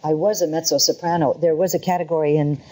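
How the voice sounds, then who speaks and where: Older woman, very low husky voice. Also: steady tone, fast talker, dark tone, rough recording. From Portland, Oregon. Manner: chatty, wry, laughs at her own stories. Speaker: singer and guest. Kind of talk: conversational interview.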